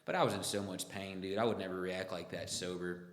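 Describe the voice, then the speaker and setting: A man's voice: low voice, steady tone, a little fast. A young adult man telling a crude, joking story in a loose, profane, casual way. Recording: echoey room with long reverb.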